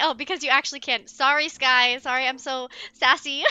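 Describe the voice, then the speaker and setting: A woman giving let's play commentary, excitable and giggly, chatting to her viewers and cooing at in-game pets. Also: high voice, brisk, dry recording, highs cut off.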